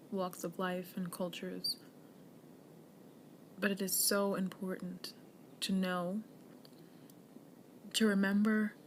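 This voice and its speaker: Young woman podcast host from the US, mid-pitched, slow and earnest, slips into soft near-whispers. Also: a little hiss or hum. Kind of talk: solo podcast monologue with affirmations.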